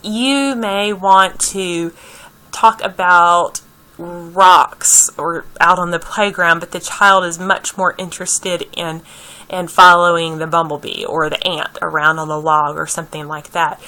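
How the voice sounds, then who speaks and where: A woman's voice: lowish voice, fairly even intonation, a little slow, bright, forceful tone, rough recording. A woman giving a conversational lecture on early childhood, repeating key points and checking in with her listeners.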